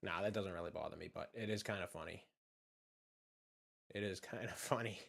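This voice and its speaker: Casual host with a Boston accent: relaxed, rambling, salty, slightly low-pitched. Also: male voice, fairly quick, vocal fry. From just south of Boston. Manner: rambling, profane, laid-back. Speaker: channel host. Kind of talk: casual chat while drawing.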